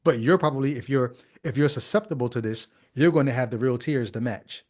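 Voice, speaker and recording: A man's voice: medium pitch, fairly quick, darkish tone. A man hosting a podcast, giving critical commentary on a video clip in a skeptical, conversational way full of rhetorical questions. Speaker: podcast host.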